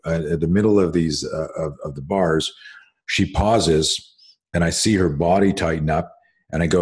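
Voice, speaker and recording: A man's voice: deep voice, normal speed, a little mellow, breathy edge. A middle-aged man hosting a casual conversation, telling rambling stories full of fillers and restarts and swearing casually. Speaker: host.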